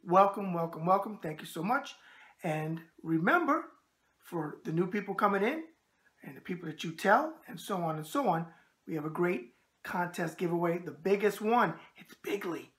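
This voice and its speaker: A man's voice: high voice, expressive, moderate pace, a bit bright. Chatty New York man hosting. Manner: chatty, tough-guy catchphrases, emphatic. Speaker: host. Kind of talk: casual boxing video show chat.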